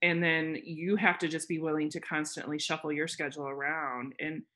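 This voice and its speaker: A woman real estate agent, a podcast guest, telling lively stories with frequent laughter and lots of fillers. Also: low-pitched, moderate pace. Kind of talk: casual storytelling chat.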